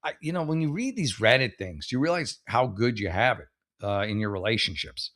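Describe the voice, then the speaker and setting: A man's voice: mid-range voice, expressive, a little fast, fairly bright tone, no room sound, clean studio sound. A man casually reading and reacting to advice posts, rambling and sarcastic, swearing freely and restarting his sentences. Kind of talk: casual comedic commentary.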